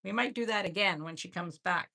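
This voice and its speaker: A woman's voice: on the low side, fairly quick, gravelly, pushed and bright. A woman hosting a live jewelry sale, chatting in an effusive way and often repeating her words. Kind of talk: casual live-stream selling.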